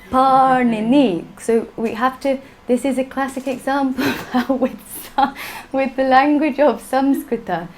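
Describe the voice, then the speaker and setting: A woman's voice: high-pitched, fairly even intonation, a little slow, hardly any pauses, darkish tone, slight background noise, low-quality recording. A woman teaching a class, patient and playful, often laughing. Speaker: Sanskrit teacher. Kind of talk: classroom lesson.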